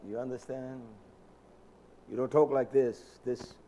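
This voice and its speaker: A male preacher giving a sermon in a dramatic, colloquial manner, swinging from shouted lines to low murmurs. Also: steady tone, unhurried, slight background noise.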